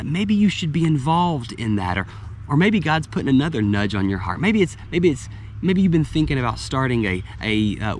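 A man's voice: mid-range voice, slight background noise. Conversational male pastor preaching. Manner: conversational, with frequent restarts and light laughs. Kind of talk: sermon.

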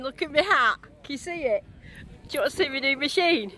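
Her voice is high, animated and brisk, bright with a forceful tone. She's an English metal detecting vlogger chatting excitedly to a handheld camera, giggly and gushing, outdoors at a field rally and at times driving in a car.

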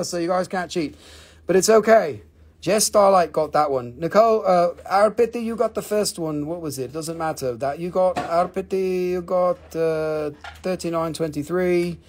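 Hosting a live crystal sale, this man has a high, darkish voice and speaks a little slowly. He jokes and swears casually, his phrasing loose, offhand and non-native.

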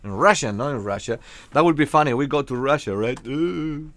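Man, Spanish accent, joking live streamer, hesitant with fillers, mid pitch, dry close sound. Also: fast, fairly bright tone, dry recording. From Spain. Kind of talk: casual live game-stream chat.

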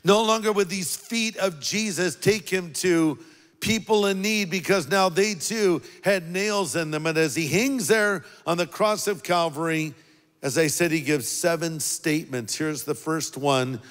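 A man preaching a sermon as a pastor, earnest and deliberate, leaning on key words. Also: a little high, fairly bright tone, in a large hall, faint music behind.

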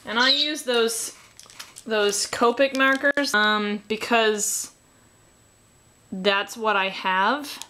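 A woman's voice: medium pitch, bright, forceful tone, slight background noise. A young woman from Canada with a Canadian accent, talking casually and sarcastically while drawing, muttering self-mocking asides under her breath. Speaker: artist drawing tutorial host.

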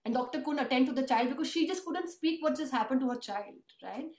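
Woman telling a heartfelt story, high voice, pretty echoey room. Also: expressive, fast talker, a little mellow. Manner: earnest, emotional storytelling. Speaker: host and author. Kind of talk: conversational interview. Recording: roomy echo.

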